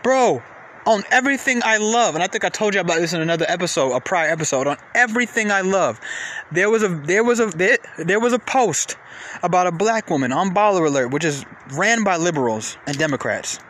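A man hosting a podcast, ranting casually in a profane, repetitive way, with sudden jumps in pitch. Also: expressive, fairly quick, fairly bright tone, a little hiss or hum. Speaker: podcast host. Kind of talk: casual rant.

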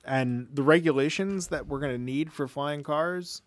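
A man's voice: a little high, moderate pace, no room sound. A man who is a guest on a comedy podcast, chatting casually and patiently trying to finish his point. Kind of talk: casual chat.

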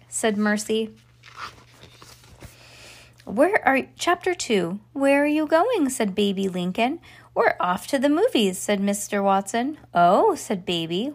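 A woman's voice: medium pitch, lively intonation, unhurried, gravelly. A woman hosting a children's podcast, reading a storybook aloud with playful character voices and chatty asides.

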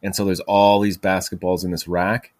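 A man's voice: deep voice, flat delivery, moderate pace, dry recording. A man hosting a podcast, telling stories in a rambling way with many fillers and restarts. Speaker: podcast host. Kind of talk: casual storytelling monologue.

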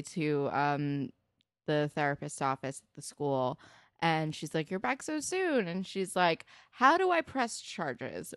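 A woman's voice: sits low, clear, resonant tone, no room sound, studio quality. A young woman co-hosting a casual recap chat, candid and blunt, swearing when annoyed. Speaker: podcast co-host.

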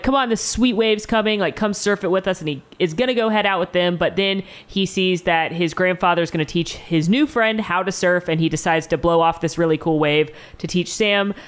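A woman's voice: fairly low pitch, fairly bright tone, clear, resonant tone. A young adult woman co-hosting a casual movie recap podcast, talking animatedly, swearing freely and acting out lines from the film. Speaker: podcast co-host.

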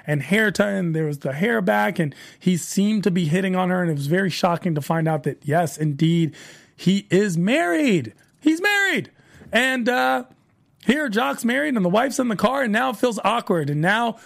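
A man talks through the latest episodes of a show, high-pitched with a gravelly fry under his words. He rambles casually and circles back to repeat himself as he retells each scene. It sounds like a relaxed host recapping for his audience.

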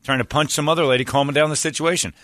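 A man's voice: fairly high pitch, fairly even intonation, racing, a bit bright, no room sound, clean studio sound. A man telling crude workplace stories in a joking, boisterous way, acting out the voices of the people in them. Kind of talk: crude comic storytelling.

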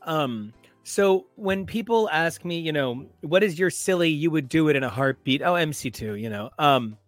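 A man's voice: a little high, expressive, normal speed, no echo, soft background music. A man co-hosting a comics podcast, casual and jokey, full of puns and playful asides. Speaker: podcast co-host. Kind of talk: casual chat about comics.

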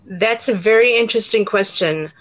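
A woman's voice: medium pitch, normal speed, fairly bright tone, muffled recording. A woman with a South African accent, an actor telling stories in an interview, chatty with many fillers and restarts. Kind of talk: casual interview answers.

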